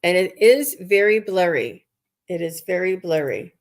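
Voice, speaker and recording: A woman hosting a live stream, enthusiastic and unhurried as she talks to viewers. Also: lowish voice, lively intonation, a little mellow. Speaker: host.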